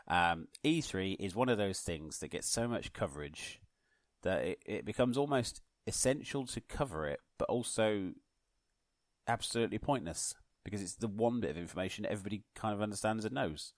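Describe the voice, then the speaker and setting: A man's voice: fairly low pitch, expressive, normal speed, no room sound, studio quality. A man hosting a solo podcast in a put-on posh newsreader manner, rambling and poking fun at himself. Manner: mock-posh newsreader delivery, self-mocking and rambling. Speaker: podcast host.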